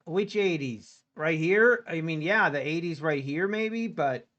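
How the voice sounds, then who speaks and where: A man livestreaming his futures trading, anxiously talking to his chat and pleading with the market, going from low muttering to sudden yells. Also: lively intonation, a little slow, highs cut off. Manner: talks to chat directly. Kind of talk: live trading stream commentary.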